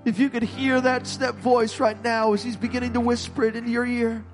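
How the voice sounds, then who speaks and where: A male pastor preaching an impassioned sermon with an altar call, rising to shouts. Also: extremely high pitch, level tone, fairly quick, soft background music. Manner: impassioned, rising to shouts, voicing God's words.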